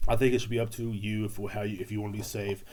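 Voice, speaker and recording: Rambling, profane man with a mellow voice. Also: lowish voice, little pitch movement, quick pace, a little hiss or hum. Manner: profane, rambling, sarcastic, with frequent fillers. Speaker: podcast host. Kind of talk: rambling solo podcast monologue.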